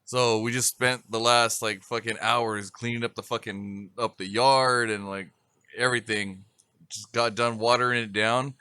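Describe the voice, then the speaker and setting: A man's voice: mid-range voice, fairly even intonation, moderate pace, sharp tone, clear, resonant tone, no echo, studio quality. A man co-hosting a podcast, telling a rambling, profane story and laughing often. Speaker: podcast co-host. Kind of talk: casual chat.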